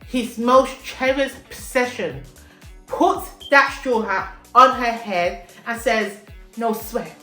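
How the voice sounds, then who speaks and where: A woman casually recapping an anime arc for her vlog, animated and emotional, often checking in with "okay?". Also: fairly high pitch, slow pace. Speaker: anime vlogger. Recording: echoey room with faint music.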